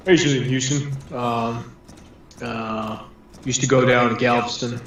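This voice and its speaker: A man's voice: medium pitch, steady tone, moderate pace. A man calls in for a casual chat, stumbling over restarts and repeating himself. He sits far from his mic in a very echoey room. A faint hiss runs underneath. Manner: hesitant, lots of restarts and repeated words. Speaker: caller.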